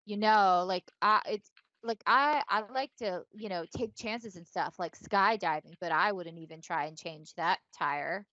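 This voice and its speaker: A woman's voice: on the low side, a little slow, a bit bright, dry recording. A woman co-hosting a podcast, telling a long story in a rambling, filler-heavy way with some swearing. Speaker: podcast co-host. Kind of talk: casual storytelling chat. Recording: dull lo-fi dry sound.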